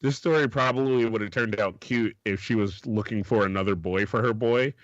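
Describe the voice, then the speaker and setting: A man co-hosting a podcast in casual chat, laughing often and swearing, putting on high voices for quoted people. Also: a little fast, no room sound, dull audio. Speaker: podcast co-host.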